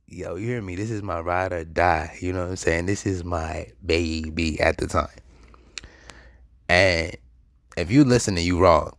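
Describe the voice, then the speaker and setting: A young man hosting a show, telling a personal story in a loose, slangy, animated way and laughing often. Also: deep voice, normal speed, no room sound, studio quality. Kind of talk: casual storytelling monologue.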